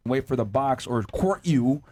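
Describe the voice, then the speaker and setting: A man's voice: mid-range voice, animated, measured pace, warm tone. A man hosting a podcast panel, spinning a scenario and acting out exasperated voices, swearing freely. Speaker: podcast host. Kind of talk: animated podcast panel talk.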